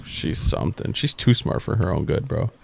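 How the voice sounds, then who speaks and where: A man's voice: sits low, animated, normal speed, gravelly, husky. A man co-hosting a podcast, chatting in a casual, slangy way and laughing easily. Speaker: podcast co-host. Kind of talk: casual chat.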